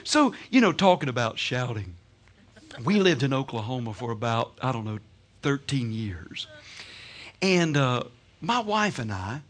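A man preaching a sermon, telling stories with bursts of laughter and shouting. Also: medium pitch, measured pace. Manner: animated storytelling, laughing and shouting. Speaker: pastor.

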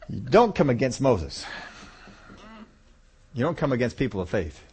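A man preaching a sermon, animated, acting out voices of God and people and chuckling as he goes. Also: mid-range voice, normal speed, pauses often.

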